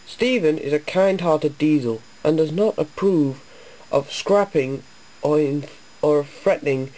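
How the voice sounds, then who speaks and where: Slow, halting storybook narrator. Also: mid-range voice, warm tone, low-quality recording. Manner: halting, occasional restarts. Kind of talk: reading a fan storybook tale.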